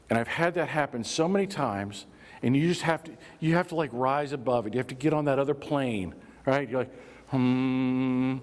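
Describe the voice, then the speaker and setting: A slightly high-voiced workplace safety trainer leads a live workshop in a reverberant hall. He speaks conversationally, drawing in the audience with prompts and acted examples.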